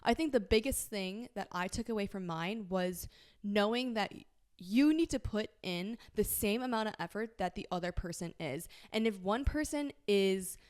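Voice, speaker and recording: A woman hosting a podcast talks through listener questions in a frank, casual way. She is emphatic and reassuring and swears without holding back. Her voice sits at an ordinary middle pitch. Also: animated, normal speed, a little mellow. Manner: candid, frank, swears freely. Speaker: podcast host. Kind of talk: casual advice chat.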